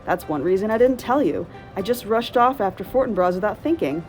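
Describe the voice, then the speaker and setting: A woman's voice: medium pitch, expressive, brisk, darkish tone, faint music behind, close to an everyday voice, poor audio. A woman voicing a precocious little boy in a storybook read-aloud, speaking in a matter-of-fact, knowing way. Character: bright, precocious little boy, calm and sure.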